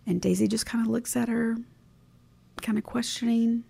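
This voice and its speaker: Woman podcast cohost, low gravelly voice, kinda husky, walking thru scenes. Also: fairly even intonation, moderate pace. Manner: recounts scenes, quoting lines softly. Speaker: podcast co-host. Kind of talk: casual recap chat.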